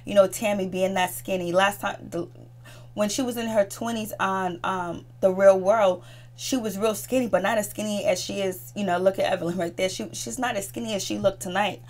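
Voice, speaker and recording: A woman's voice: mid-range voice, fairly even intonation, normal speed, darkish tone. A woman giving a casual, gossipy recap of a reality TV episode, talking in a chatty way with frequent restarts. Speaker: TV recap host.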